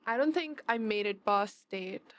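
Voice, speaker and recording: A woman from India with an Indian accent, co-hosting a podcast in a measured, matter-of-fact way. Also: medium pitch, lively intonation, no room sound. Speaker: podcast co-host. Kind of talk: casual chat.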